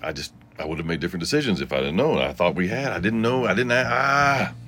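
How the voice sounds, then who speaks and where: A man hosting a solo podcast in a rambling, confessional way. He swings between low murmurs and sarcastic outbursts, and he answers listener comments. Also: expressive, fast, a bit bright, faint music behind. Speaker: podcast host.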